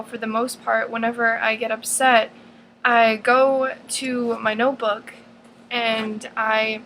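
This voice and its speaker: A woman's voice: on the high side, creaky, a bit bright, slight background noise, rough recording. A teenage girl in her own advice vlog, talking earnestly and rambling, with lots of fillers and restarts. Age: teens. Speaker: vlogger.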